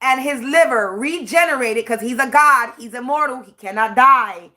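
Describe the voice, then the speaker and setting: A woman's voice: high voice, normal speed, sharp tone. A woman, a spiritual reader, ranting on a livestream in a blunt, profane and preachy way, drawing out words for emphasis. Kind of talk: livestream rant.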